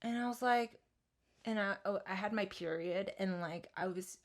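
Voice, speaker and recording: A young woman co-hosts a podcast and tells a story in loose, casual chat. She is animated, drops swear words freely and piles up fillers and restarts as she goes. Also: medium pitch, normal speed. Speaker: podcast co-host.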